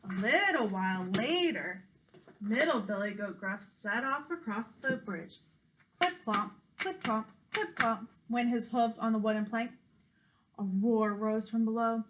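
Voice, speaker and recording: A preschool teacher reading a children's story aloud. Her woman's voice is bright and a touch high, rising and falling in a playful sing-song to hold small listeners. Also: unhurried, a little hiss or hum, rough recording. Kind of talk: children's read-aloud narration.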